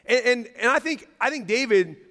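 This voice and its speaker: A male pastor preaching with a high, animated voice that rises and falls all over the place. He jokes and laughs with his congregation between points, poking fun at himself. His voice rings out with the long reverb of a large church hall. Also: moderate pace. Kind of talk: sermon.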